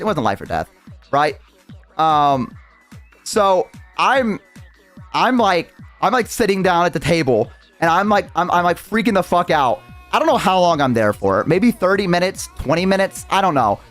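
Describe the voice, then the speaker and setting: Young man rambling through a wild story. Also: on the high side. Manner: rambling, swearing, full of restarts. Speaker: streamer. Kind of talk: casual storytelling on stream.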